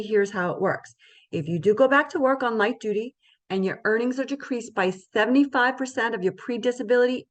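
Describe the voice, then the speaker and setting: Woman presenter, mid pitch, conversational explainer style, often checks in with her audience. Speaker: insurance presenter. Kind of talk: educational presentation.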